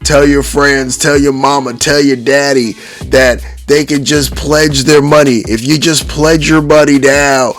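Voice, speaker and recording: A man's voice: mid-range voice, level tone, measured pace, fairly bright tone, soft background music, pitched above the performer's own voice, close to an everyday voice. A man putting on the voice of a pleading, preacher-like male shill, in a mocking sing-song sermon tone. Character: oily male preacher-like shill begging for pledges.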